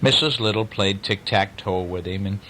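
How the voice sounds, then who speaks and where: A man's voice: lowish voice, normal speed, sharp tone, a little hiss or hum, low-quality recording. A man reading a bedtime story aloud to a child, with coaxing asides to the listener.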